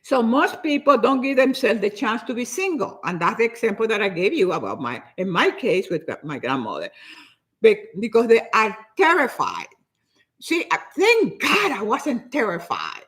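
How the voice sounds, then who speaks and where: An older woman giving a motivational talk in an animated, preachy way, often repeating herself for emphasis. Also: on the high side, unhurried. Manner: acts out other people's nagging voices. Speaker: motivational speaker.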